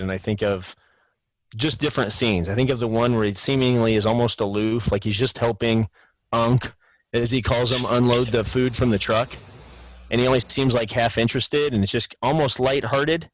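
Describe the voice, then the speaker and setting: A man's voice: mid-range voice, fairly even intonation, normal speed, poor audio. A man co-hosting a film podcast, walking through scenes in an analytical, detailed way. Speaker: podcast co-host. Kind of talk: casual film discussion.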